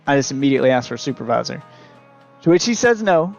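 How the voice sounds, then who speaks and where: A man's voice: mid-range voice, big pitch swings, fast, vocal fry, faint music behind. A man streaming live, telling a long, exasperated story in a casual, profane way.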